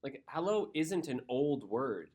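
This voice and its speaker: A man's voice: mid-range voice, measured pace. A man teaching chemistry to a class, who moves between lecturing and loose, chatty storytelling with his students. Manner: chatty, storytelling, animated when amused.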